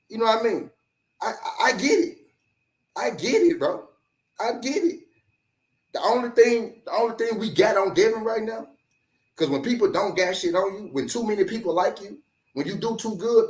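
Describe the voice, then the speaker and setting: A man's voice: high-pitched, moderate pace. A man hosting a sports talk show, ranting heatedly and profanely, repeating himself and mimicking critics. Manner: animated, profane, repetitive, does mocking voices of critics. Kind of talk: heated solo rant to camera. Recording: echoey room.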